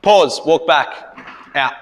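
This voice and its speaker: A man, a mental performance coach giving a rousing team talk and leading loud chants. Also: a little high, slow pace.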